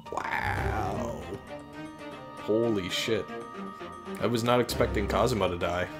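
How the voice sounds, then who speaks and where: A man's voice: on the low side, takes it slowly. A man hosting a let's play, giving casual, wry commentary on the game, with game music behind. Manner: laid-back, wry reactions.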